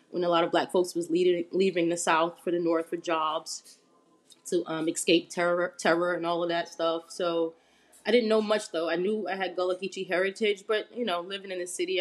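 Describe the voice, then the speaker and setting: A woman interview guest telling a personal story in a relaxed, chatty way with many fillers. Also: lowish voice.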